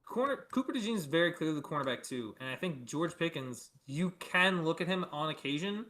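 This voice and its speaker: A young man co-hosting a sports podcast, talking football in casual chat with lots of fillers and quick pushback. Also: a little high. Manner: animated, argumentative, many fillers.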